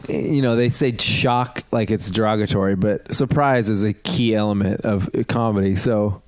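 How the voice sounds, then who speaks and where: A man's voice: on the low side, steady tone, moderate pace, no echo. A man co-hosting a comedy podcast, rambling with crude jokes. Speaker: film writer guest host. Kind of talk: casual comedy podcast banter.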